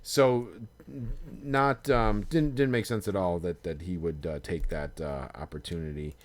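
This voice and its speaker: Male podcast co-host, lower voice, loose rambling delivery full of fillers. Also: fairly even intonation, unhurried. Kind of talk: casual chat.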